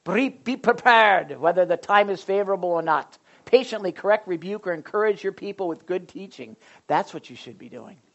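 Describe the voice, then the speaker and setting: A man, a pastor preaching a sermon to a small group, moving between loud emphasis and quiet asides. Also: sits high, fairly quick, dull audio.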